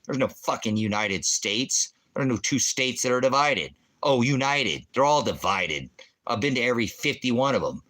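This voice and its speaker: A man's voice: mid-range voice, lively intonation, normal speed. A middle-aged man and veteran hosting a ministry livestream, ranting angrily and cursing at commenters in a combative way. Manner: profane, combative, shouting insults at chat. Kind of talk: angry livestream rant.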